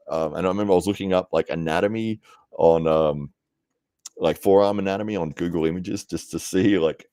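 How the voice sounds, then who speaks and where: Laughing, chatty deep-voiced man. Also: lively intonation, moderate pace, vocal fry, dark tone, no echo, clean studio sound. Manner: chatty, laughs often, self-deprecating. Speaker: livestream host. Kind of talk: casual live-stream chat reading comments.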